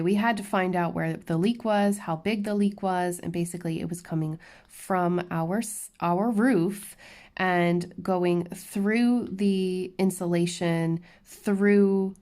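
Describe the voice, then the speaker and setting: A woman vlogging from her crafting table at home, talking candidly and ranting to her viewers with quick restarts and asides. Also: fairly low pitch, steady tone, darkish tone. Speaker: diamond painting YouTuber. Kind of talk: casual chatty vlog while crafting.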